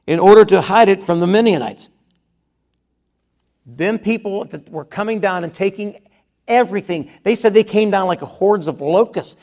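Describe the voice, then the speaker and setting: A man's voice: high-pitched, darkish tone. A man preaching a conversational sermon, reading scripture aloud and then retelling it in his own words.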